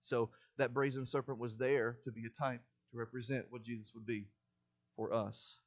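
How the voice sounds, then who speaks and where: A man preaching a sermon in a church, building to loud, urgent warnings and dropping back to a quiet explanatory tone. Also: flat delivery, normal speed. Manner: emphatic, rises in pitch and volume to stress warnings. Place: church sanctuary.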